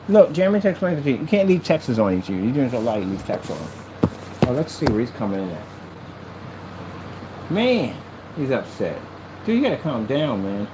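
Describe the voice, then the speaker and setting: A man vlogging to the camera in a boastful, mocking tone, repeating his taunts and getting excited. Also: medium pitch, moderate pace, pauses often, noisy background. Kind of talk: taunting vlog talk to camera.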